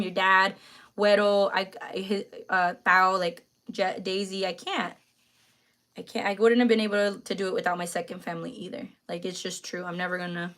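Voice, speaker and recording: A woman's voice: mid-range voice, a bit bright. A young woman hosting a casual live stream, talking to her viewers in a chatty, slangy way and close to tears. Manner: chatty, full of fillers and slang. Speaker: livestream host.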